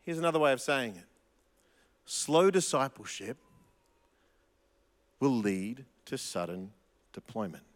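Animated pastor preaching in a hall. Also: male voice, mid-range voice, unhurried, long pauses. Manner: animated, with frequent restarts and emphatic repetition. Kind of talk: sermon.

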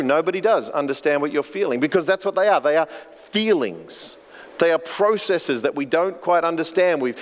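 A man preaching a sermon in an earnest, storytelling way, his voice sitting a little high for a man. He often doubles back on words mid-thought. The sound rings out with a long hall reverb. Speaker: pastor.

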